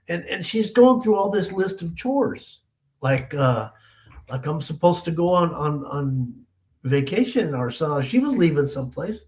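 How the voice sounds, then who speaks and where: A man recounting a personal memory to an interviewer, with a voice sitting a touch higher than most men's. He speaks in an emotional, halting way, stumbling over and repeating words as he pushes the story forward. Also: lively intonation. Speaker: interview guest.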